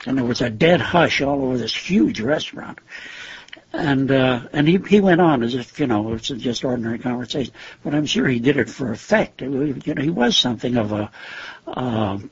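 An older man, a former teacher, recalling old acquaintances in an interview, halting with fillers and soft chuckles. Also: mid-range voice, animated, slight background noise. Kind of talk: reminiscing interview. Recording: dull lo-fi recording.

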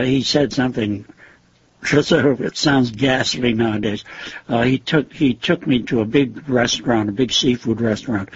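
Very husky older man recalling stories. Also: medium pitch. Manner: halting storyteller, frequent fillers and chuckles. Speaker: guest, former teacher. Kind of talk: reminiscing interview. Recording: dull lo-fi recording.

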